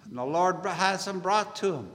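A man preaching an earnest gospel sermon at a meeting, in a deliberate, measured way. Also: high voice, lively intonation, fairly bright tone. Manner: earnest, slow and deliberate preaching, biblical phrasing. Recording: long hall reverb.

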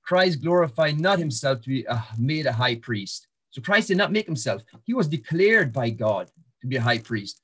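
A man teaches from the Bible in sermon style, moving verse by verse with many fillers, restarts and repeated words. His mid-range voice is very animated, fairly bright and slightly rough, at a moderate pace.

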